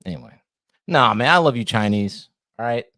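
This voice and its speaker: Male co-host, mid-pitched, rambling and playful, lively intonation. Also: a little fast, no room sound, clean studio sound. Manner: rambling, restarts sentences, jokey. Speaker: podcast co-host. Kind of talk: casual podcast chat.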